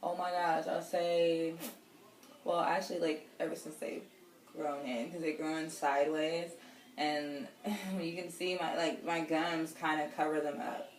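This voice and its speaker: A woman's voice: low-pitched, flat delivery, measured pace. A woman in her thirties casually telling a personal story, rambling with lots of fillers. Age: 30s. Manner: chatty, rambling, many fillers and laughs. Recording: roomy echo, distant from the mic, faint noise.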